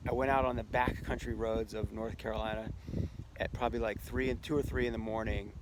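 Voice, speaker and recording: A man's voice: lowish voice, flat delivery, brisk. A man hosting a casual vlog, telling an anecdote in a chatty way and laughing often as he goes. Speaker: host. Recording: noticeable background noise.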